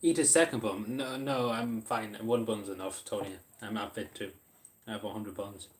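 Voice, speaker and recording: A lower-voiced Irish man chats loosely with his live-stream audience, answering messages as they come in. He rambles and restarts his sentences, fills gaps with ums, and sometimes talks with food in his mouth. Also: steady tone, moderate pace. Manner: eats while talking. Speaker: livestreamer reading chat. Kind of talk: casual live-stream chat.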